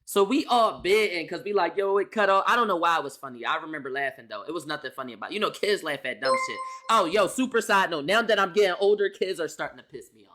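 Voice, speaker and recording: A young man telling a casual storytime as a streamer, animated and profane, firing off rhetorical questions and repeating lines for emphasis. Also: sits high, fast talker.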